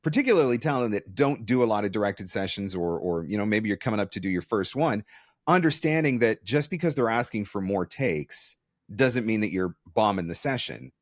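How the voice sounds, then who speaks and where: A man's voice: on the low side, animated, brisk, dry recording, clean studio sound. A man hosting an interview, talking candidly and with self-deprecating humor. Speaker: podcast host. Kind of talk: conversational interview.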